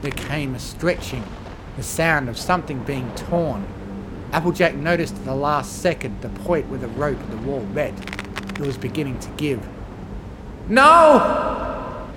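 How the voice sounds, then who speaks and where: A man reading a horror fan fiction story aloud with measured, dramatic storytelling. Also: mid-range voice, background noise.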